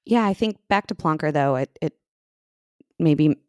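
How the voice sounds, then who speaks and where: Low-voiced woman chatting on a podcast. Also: expressive, unhurried, a little mellow, clear, resonant tone, no echo, studio quality. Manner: giggly, rambling, frequent fillers. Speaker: podcast co-host. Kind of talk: casual chat.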